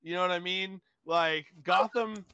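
A man with a notably high voice chimes in on a casual podcast chat. He is animated and laughs easily. The sound is dry and close, with no room echo. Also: measured pace, smooth, highs cut off. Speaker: podcast co-host.

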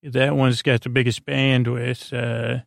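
A man voicing a pushy, dismissive woman office clerk pushing a sale, in his own gravelly voice. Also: medium pitch, flat delivery, takes it slowly, no room sound, studio quality. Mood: salesy. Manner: dismissive, salesy.

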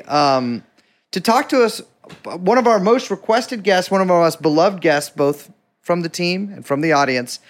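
A man hosting a podcast, joking around in animated banter. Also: high-pitched, normal speed. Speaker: podcast host. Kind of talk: casual chat.

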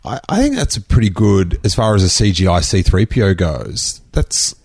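A man's voice: deep voice, expressive, moderate pace, creaky, darkish tone, slightly rough, no room sound, clean studio sound. A man interviewing a guest in casual chat, asking short questions and agreeing briefly.

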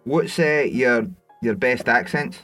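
A man's voice: medium pitch, takes it slowly, fairly bright tone, soft background music. A Scottish man hosting a podcast, bantering with swearing. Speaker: podcast host. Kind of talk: casual interview chat.

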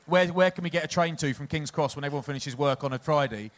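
An English man in his forties tells rambling stories on stage and keeps laughing at his own punchlines. His voice sits a little high for a man, and he loses the thread and picks it back up as he goes. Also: quick pace. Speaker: podcast co-host, former rugby player. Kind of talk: live comedic storytelling.

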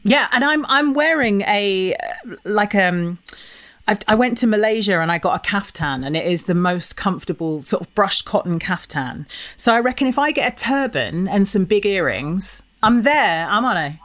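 A woman guest on a podcast, telling stories in a giggly, animated casual chat. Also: mid-range voice, normal speed.

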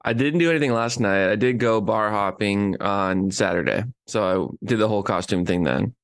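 Relaxed young man, lowish voice. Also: normal speed, dry recording, clean studio sound. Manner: relaxed, filler-heavy talk. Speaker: podcast co-host. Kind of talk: casual chat.

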